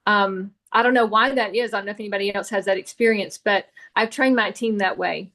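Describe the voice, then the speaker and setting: A woman's voice: medium pitch, steady tone, fairly quick, fairly bright tone. A woman who leads a sales team, sharing her experience in a group call in a reflective, storytelling way with frequent fillers. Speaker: direct sales team leader.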